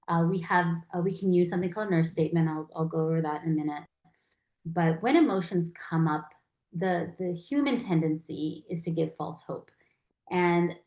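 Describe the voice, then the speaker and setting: A woman's voice: fairly low pitch, roomy sound. A woman teaching a lecture in a conversational way, acting out quoted phrases as she goes. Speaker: palliative care educator.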